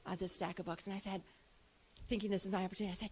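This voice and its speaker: A woman's voice: mid-range voice, flat delivery, racing, a little mellow, breathy edge. A woman in her thirties giving an earnest personal talk at an event, acting out the dialogue with her young son. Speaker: event speaker. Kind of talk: personal story told to an audience.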